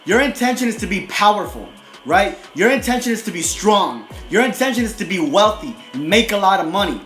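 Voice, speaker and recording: A man's voice: high voice, animated, fairly quick, a bit bright. A man giving a casual motivational monologue, blunt and profane, who ends almost every sentence with "right?". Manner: profane, repeats "right?" constantly; blunt and aggressive. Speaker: motivational video host. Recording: echoey room with music behind.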